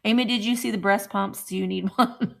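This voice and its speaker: A middle-aged woman hosting a casual live stream, chatting with viewers and getting excited over small cute items. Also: medium pitch, fairly quick, gravelly. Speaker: vintage reseller hosting a livestream.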